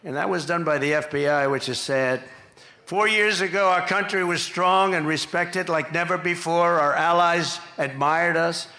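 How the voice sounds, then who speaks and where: Outdoors at a campaign rally, a male political speaker addresses a podium microphone in a fairly high, pushed, bright voice. He rambles and repeats himself, throwing in mocking asides, and the rally PA sound is echoey.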